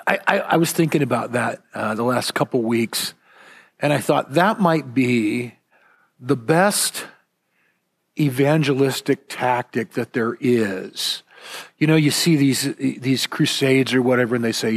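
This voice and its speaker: A man preaching a casual, story-driven sermon with a gravelly edge to his voice. He rambles comfortably, restarts his sentences and pokes gentle fun at himself. His pitch sits at an ordinary middle height for a man. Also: unhurried. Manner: relaxed, rambling storytelling with frequent fillers and restarts; gently self-deprecating humor. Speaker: pastor. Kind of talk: conversational sermon with personal stories.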